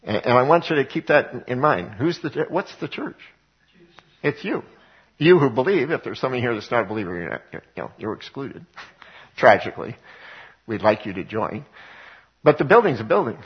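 A man's voice: medium pitch, very animated, a little fast, slightly rough, dull audio. A male pastor preaching a conversational sermon to his congregation, full of rhetorical questions. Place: church sanctuary before a congregation.

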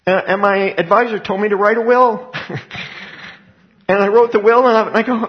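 Older man preaching, gravelly voice. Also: high voice, fairly even intonation, normal speed, lo-fi sound. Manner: conversational Bible teaching with personal asides and laughs. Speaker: pastor. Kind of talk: sermon.

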